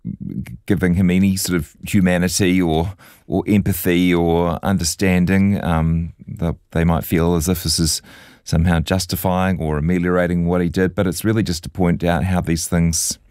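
A man's voice: deep voice, flat delivery, moderate pace, darkish tone, clear, resonant tone, dry recording, clean studio sound. A man hosting an interview, speaking thoughtfully and carefully, picking his words with some hesitation. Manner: careful, hesitant, many fillers and restarts. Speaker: interviewer, podcast host.

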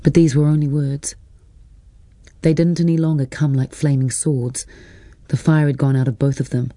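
Guy reading an audiobook, measured, warm dark tone, no room sound. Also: fairly high pitch, flat delivery, no echo. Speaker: audiobook narrator. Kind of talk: scripted literary narration.

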